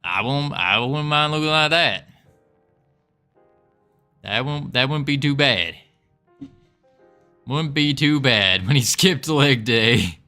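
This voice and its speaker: A man's voice: mid-range voice, animated, slow, pauses often, sharp tone, smooth, soft background music. A man streaming live and chatting with viewers in a put-on Southern drawl, folksy and joking, laughing often. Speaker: livestreaming game developer. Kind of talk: casual livestream chat with viewers.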